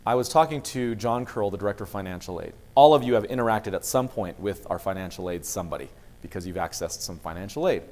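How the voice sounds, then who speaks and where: Give me a man addressing students as a university administrator, telling stories with lively, swinging pitch. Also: quick pace, hardly any pauses. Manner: lively storyteller, acts out dialogue. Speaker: university vice president of student affairs. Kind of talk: motivational talk to students.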